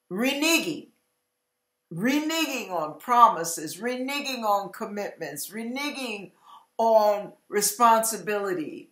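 A woman preaching an emotional sermon, fervent and emphatic, sometimes breaking into loud cries. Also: on the high side, reverberant. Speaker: online preacher.

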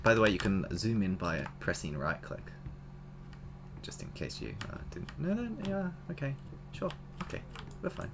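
Lively, exclaiming man playing a game. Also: on the low side, moderate pace, gravelly, pauses often, noisy background. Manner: animated, exclaiming, chatting to viewers. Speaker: let's play gamer. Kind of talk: casual game commentary.

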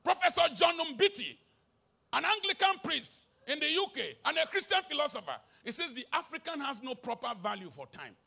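A middle-aged Nigerian man preaching an emphatic sermon. He has a Nigerian accent and moves between shouted bursts and low asides, slipping into Pidgin. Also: sing-song, brisk, vocal fry.

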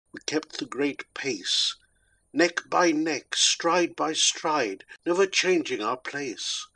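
A man giving a dramatic poetry reading with a measured, rhythmic delivery. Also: medium pitch, fairly bright tone, low-quality recording. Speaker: poetry reader.

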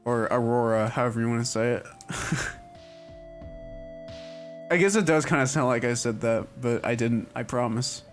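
A man's voice: medium pitch, moderate pace, long pauses. A young man chatting casually on a livestream, rambling with lots of "like" and "um" fillers. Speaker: streamer. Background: faint music.

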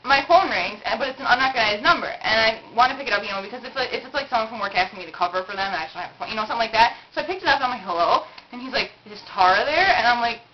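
A woman's voice: a little high, expressive, very fast, few pauses, dull audio. A young woman telling a rambling story in casual chat, with lots of fillers and giggles. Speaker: vlog co-host. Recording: noisy home video recording.

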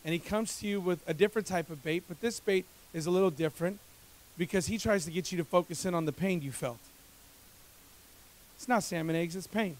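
High-voiced preaching pastor, man. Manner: preaching with dramatic swings from loud to hushed. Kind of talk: sermon.

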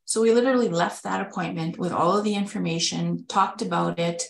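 Woman, personal storytelling, candid and conversational, low-pitched, roomy echo. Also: steady tone, fairly quick, creaky. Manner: candid, conversational, acts out quoted dialogue. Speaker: spouse of a kidney patient, webinar speaker.

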